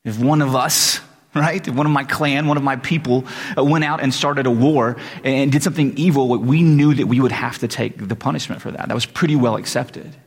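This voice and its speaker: A man preaching a casual, conversational sermon, acting out quick voices for the people in his stories. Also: medium pitch, slightly rough. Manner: conversational, animated, acts out voices. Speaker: pastor. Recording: reverberant hall.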